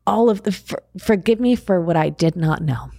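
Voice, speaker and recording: A woman from Long Island speaking slowly and reflectively as a guest in a casual conversation. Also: on the low side, gravelly, no room sound, clean studio sound. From Long Island, New York. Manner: calm, slow, reflective.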